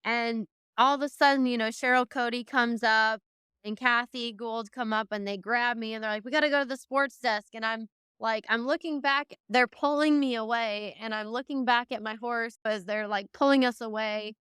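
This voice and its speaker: A woman's voice: a little high, fairly even intonation, normal speed, fairly bright tone, clean tone, no room sound, clean studio sound. A young woman, a horse trainer, tells a podcast interviewer a long, emotional story in a rambling way, full of fillers like "like" and "you know". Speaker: guest, reining horse trainer.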